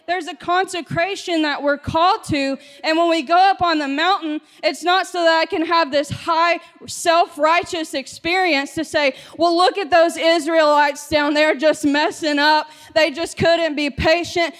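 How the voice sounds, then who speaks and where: A woman delivers a sermon in a high voice, climbing from steady teaching to impassioned shouting. The words ring out with a long reverb that fills the hall. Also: a little slow, few pauses. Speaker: preacher.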